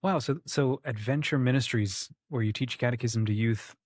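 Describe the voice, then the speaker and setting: A man with a somewhat husky voice hosts a podcast interview. He asks short questions and answers his guest with brief affirmations, in a mid-range voice. The sound is dry and close. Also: medium pitch, normal speed, a little mellow, dry recording. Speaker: podcast host.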